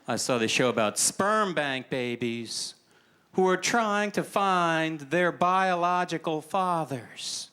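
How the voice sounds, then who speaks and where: A man's voice: fairly high pitch, animated, slow. A man doing observational stand-up on stage with a dry, mocking delivery. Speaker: stand-up comedian. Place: live comedy stage. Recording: noisy live venue.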